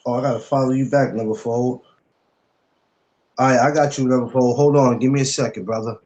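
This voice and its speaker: A man's voice: medium pitch, fairly even intonation, fairly quick, a little mellow, highs cut off. A man hosting a casual podcast livestream, easygoing, laughing a lot and greeting viewers. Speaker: podcast host.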